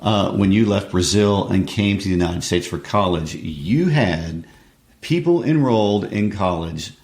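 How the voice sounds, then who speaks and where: A man with a very deep voice co-hosts a literature podcast, steering the talk with measured questions. His voice comes across with a roomy echo around it. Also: lively intonation, a little mellow. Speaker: podcast co-host. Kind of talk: casual literature discussion. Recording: echoey room.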